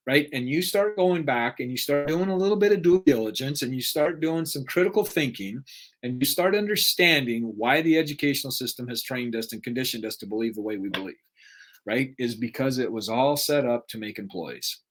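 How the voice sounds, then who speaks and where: A man's voice: mid-range voice, animated, moderate pace, slight background noise. A middle-aged man giving an unscripted motivational talk, earnest, repeating questions for emphasis and often asking "right?". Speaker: motivational speaker.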